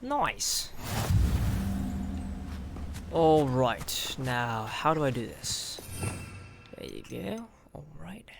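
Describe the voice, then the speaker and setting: A man's voice: medium pitch, very animated, extremely slow, creaky, long pauses, very noisy. A man giving casual let's play commentary on a video game, rambling with many fillers and frustrated asides. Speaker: gameplay youtuber. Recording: game music underneath.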